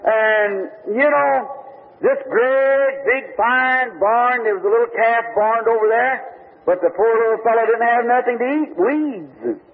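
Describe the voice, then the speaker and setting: An older man preaches a folksy testimony sermon in a homely storytelling way, sometimes stammering as he restarts a thought. His voice sits high and husky for a man. It comes through a tinny, phone-like old recording. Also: measured pace.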